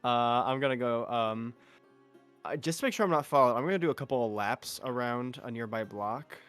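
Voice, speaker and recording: A man speaking as a player in a tabletop game in a relaxed, easygoing way. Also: medium pitch, a little fast, smooth, soft background music.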